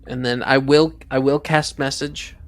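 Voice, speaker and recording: A man's voice: medium pitch, fairly even intonation, unhurried. A man chatting playfully as a player in a tabletop game. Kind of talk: casual tabletop game chat.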